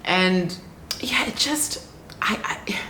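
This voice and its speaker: A woman telling a casual travel diary story, animated and often laughing, restarting her sentences. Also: medium pitch, slow, slight background noise. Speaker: travel vlogger. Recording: roomy echo with faint ambience.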